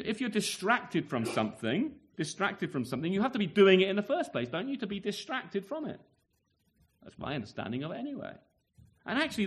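High-voiced preacher, chatty and rhetorical. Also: male voice. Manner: conversational, rhetorical tag questions, acts out scenes. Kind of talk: expository sermon.

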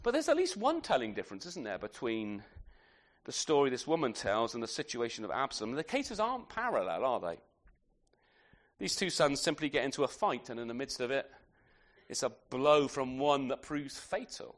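A man's voice: medium pitch, very animated. A man preaching an expository sermon in a conversational way, often ending points with tag questions and restarting his sentences. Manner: halting restarts, repeated words.

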